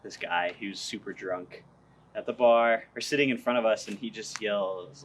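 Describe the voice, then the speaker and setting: A man's voice: on the low side, expressive, moderate pace, slight background noise. A young man who sings in a band, talking casually in an interview in a laid-back, rambling way and laughing often. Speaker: band singer.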